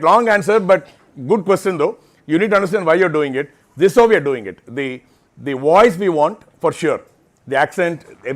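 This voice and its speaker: A man, giving an informal talk to interns at an onboarding session, explaining things patiently and often checking in with "right?". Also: on the high side. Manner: explanatory, frequent "right?" tag questions. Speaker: program lead addressing interns. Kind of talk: informal presentation with Q&A. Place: auditorium or lecture hall.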